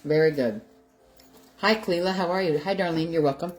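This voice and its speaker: A woman's voice: on the low side, normal speed, faint music behind. A middle-aged woman hosting a casual live stream from her home kitchen, effusive and greeting viewers by name, growing teary-eyed. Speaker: keto lifestyle livestream host. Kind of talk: casual livestream chat.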